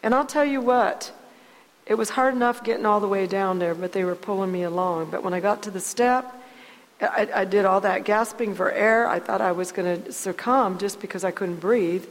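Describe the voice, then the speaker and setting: A woman telling a personal faith testimony in a halting, earnest way, often repeating her words as she goes. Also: mid-range voice, in a large hall, rough recording. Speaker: guest sharing testimony.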